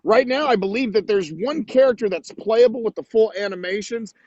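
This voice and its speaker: High-voiced dude hyping his buddy up, swears a bunch, muffled lo-fi mic. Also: a little fast, a little mellow. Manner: enthusiastic, sweary hype. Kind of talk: casual chat. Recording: dull lo-fi mic.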